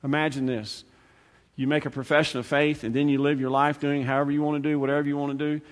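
A male preacher giving a sermon, conversational and repetitive, swinging from loud, fast bursts to hushed, slow lines. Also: a little high, level tone. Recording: long hall reverb.

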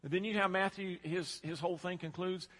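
Preacher, male, emphatic sermon delivery, voice bright and higher than most, echoing through a big hall. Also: steady tone, fairly quick. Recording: long hall reverb.

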